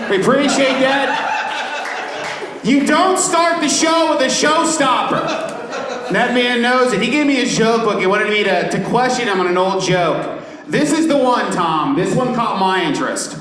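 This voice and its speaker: A male comedy emcee teases the comics with a playful edge. His voice sits very high and rings through an echoey club room. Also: lively intonation, measured pace, crowd noise. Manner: teasing, playful. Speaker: comedy show host. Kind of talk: stand-up emcee banter.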